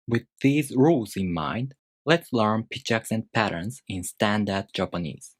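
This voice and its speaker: Man, language teacher, measured step-by-step explanation, scripted lesson, dry close sound. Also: lowish voice, lively intonation, no echo.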